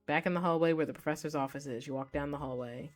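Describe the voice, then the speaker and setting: A woman streamer reading a visual novel aloud live, excitable and quick to shriek with delight. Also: low-pitched, faint music behind.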